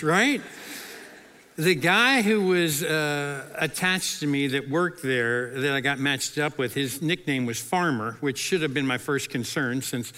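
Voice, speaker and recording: Bright, lively middle-aged preacher man. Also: on the high side, big-room sound. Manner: animated, acts out quoted voices with humor. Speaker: pastor. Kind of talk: sermon storytelling.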